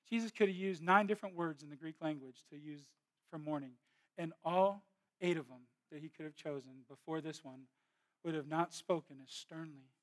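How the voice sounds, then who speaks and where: A man in his thirties preaching a sermon, moving between hushed, intimate storytelling and loud, impassioned exhortation. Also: a little high. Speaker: pastor.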